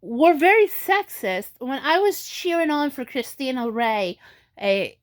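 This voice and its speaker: Slow-talking high-voiced woman vlogger. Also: lively intonation. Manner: halting, many restarts and fillers; tearful and emotional in places. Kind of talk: casual vlog commentary.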